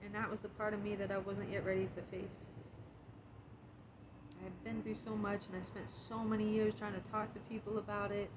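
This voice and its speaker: A woman giving a reflective casual monologue on her spiritual healing, chatty and quick to laugh at herself. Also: mid-range voice, little pitch movement. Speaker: spiritual vlogger. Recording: clear background insect noise.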